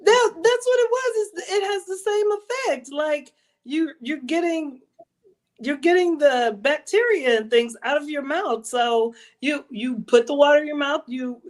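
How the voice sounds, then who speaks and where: A woman's voice: sits high, measured pace. A woman co-hosting a podcast in casual chat, teasing her partner and retelling moments with drama. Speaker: podcast co-host.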